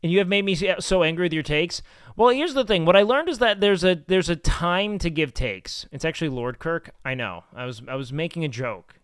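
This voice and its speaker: Lively, high-voiced male streamer, profane. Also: fairly quick, clean tone, no room sound. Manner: profane, rambling storyteller. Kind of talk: casual stream chat.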